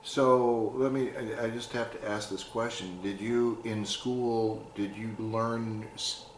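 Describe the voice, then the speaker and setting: A man's voice: lowish voice, fairly even intonation, takes it slowly. A man interviewing for an oral history, asking hesitant questions full of fillers. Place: museum room. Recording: roomy with faint hiss.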